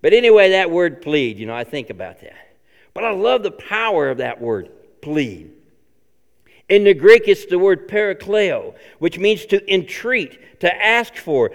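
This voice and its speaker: A man preaching a sermon as pastor, earnest and repetitive, swinging between loud appeals and hushed lines. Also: high voice, long reverb tail.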